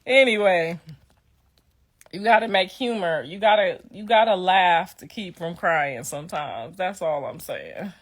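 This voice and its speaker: A woman's voice: lowish voice, measured pace. A middle-aged woman talking casually to viewers on a livestream, telling profane stories and laughing through her words. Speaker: livestream host.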